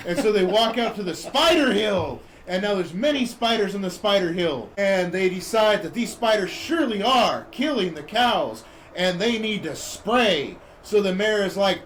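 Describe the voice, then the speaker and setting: Male podcast host, high voice, loose rambling storyteller who plays the quotes. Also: animated, normal speed, a bit bright, slight background noise. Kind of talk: casual chat, retelling a movie plot.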